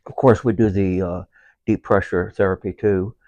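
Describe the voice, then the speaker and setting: A man speaking as a veteran guest in a casual conversation about his service dog, pausing often with fillers as he talks. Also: low voice, fairly even intonation, a little mellow, no echo, highs cut off. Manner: halting, unhurried, with many filler pauses.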